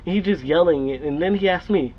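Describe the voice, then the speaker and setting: Young male vlogger, raised pitch, faint hiss, rambling swearing storyteller. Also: fairly quick. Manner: profane, laughing, rambling. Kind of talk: casual storytelling. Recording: dull lo-fi recording with faint noise.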